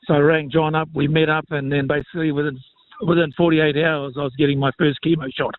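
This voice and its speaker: A man, a former rugby player speaking reflectively and haltingly in an interview. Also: a little high, little pitch movement. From New Zealand. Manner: reflective, halting, many fillers. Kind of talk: casual interview. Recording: phone-like thin sound.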